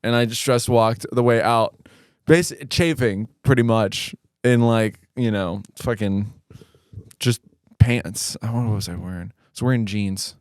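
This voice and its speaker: A man's voice: mid-range voice, measured pace, a little mellow, dry recording, studio quality. A young man hosting a podcast, telling a long, profane, self-mocking story in a rambling casual way. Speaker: podcast host.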